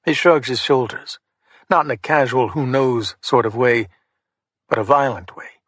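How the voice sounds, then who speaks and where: A man narrating a crime thriller audiobook in the first person, in a measured, hard-boiled manner. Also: mid-range voice, a bit bright, no echo.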